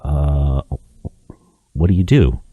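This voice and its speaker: A man's voice: rumbling low, slow, dark tone, dry recording, voice pushed down, exaggerated voice. A man voicing a puzzled male doctor asking questions in a dry way, as part of a joke.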